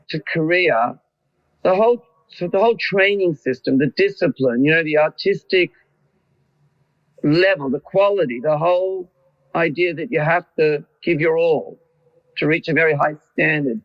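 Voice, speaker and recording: Australian male interviewer, high voice, effusive, rambling questions, slightly dull lo-fi sound. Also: unhurried. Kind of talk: conversational interview.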